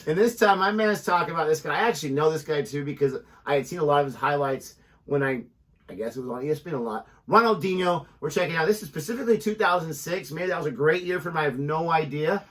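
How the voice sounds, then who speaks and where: A man's voice: fairly high pitch, fast, a bit bright. A man co-hosting a casual reaction chat, teasing his partner in a dry way. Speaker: co-host of a reaction channel.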